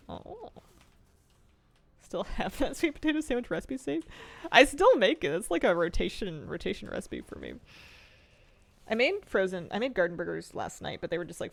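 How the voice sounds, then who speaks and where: A woman's voice: mid-range voice, vocal fry. A woman game streamer in casual chat with her viewers, rambling and self-mocking and laughing often.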